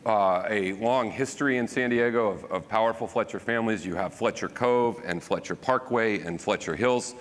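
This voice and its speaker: A man, a county supervisor giving an animated storytelling talk with self-deprecating humor. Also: fairly low pitch, moderate pace, hardly any pauses. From rural American South. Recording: reverberant hall.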